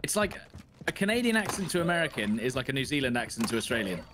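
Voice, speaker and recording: A man's voice: medium pitch, quick pace, noisy background. A man joking around while playing a video game with friends, in casual gaming banter. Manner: joking, playful, animated. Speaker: gamer co-player.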